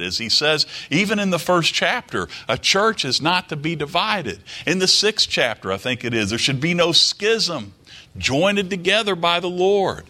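A male pastor delivering an emphatic sermon, quoting scripture and driving his points home by repetition. His voice is bright and forceful, and his pitch rises and falls with lively animation. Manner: emphatic, repeats phrases, quotes scripture.

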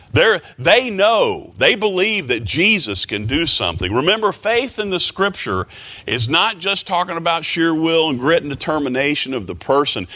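A man leads a prayer and then preaches a sermon, building to loud, high emphasis and reading scripture in old-fashioned wording.

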